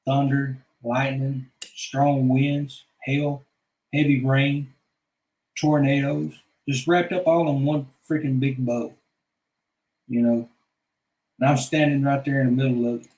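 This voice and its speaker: A man's voice: medium pitch, little pitch movement, slow, darkish tone. Rambling, foul-mouthed man in an echoey room. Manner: crude, rambling, swears often. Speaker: vlogger. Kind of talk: casual rambling monologue.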